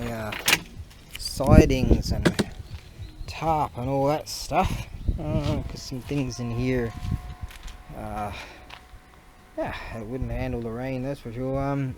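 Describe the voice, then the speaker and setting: A man's voice: medium pitch, heavy background noise. A man, chatting casually in a rambling, storytelling way for his vlog, recorded outdoors on a camera mic. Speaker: vlogger.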